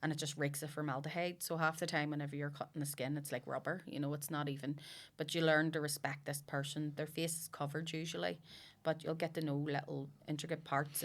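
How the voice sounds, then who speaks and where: A woman, a comedian guest telling lively, sweary stories in a casual podcast chat. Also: deep voice. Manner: animated storyteller, swears freely.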